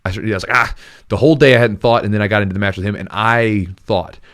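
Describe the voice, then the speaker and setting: Earnest rambling man, lowish voice. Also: fairly even intonation, fast talker, a bit bright. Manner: rambling, restarts often, earnest. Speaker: jiu-jitsu coach and podcast host. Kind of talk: casual podcast chat.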